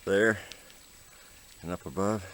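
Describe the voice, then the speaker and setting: A man's voice: sits low, fairly even intonation, slow pace, fairly bright tone, a little hiss or hum. A man filming himself on a forest hiking trail, chatting folksy and casual to viewers while out of breath from the climb. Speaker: hiking vlogger. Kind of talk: casual outdoor vlog narration.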